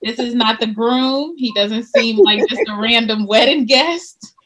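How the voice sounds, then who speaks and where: A woman with a bright, sharp voice co-hosts a casual podcast with friends. She asks probing questions in a direct, straightforward way. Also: on the high side, unhurried. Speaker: podcast co-host. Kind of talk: casual chat among friends.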